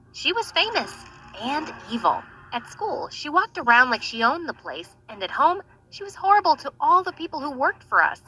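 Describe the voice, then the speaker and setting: A young woman narrating an animated story in a chatty, wry way, with faint music behind. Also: high voice, rough recording.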